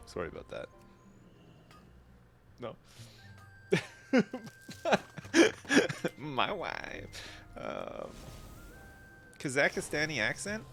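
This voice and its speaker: A man in his thirties streams games from home, rambling chattily, responding to chat and swearing offhandedly. His medium-pitched voice swoops wildly, slow and creaky with frequent pauses, sounding pushed and bright over soft background music.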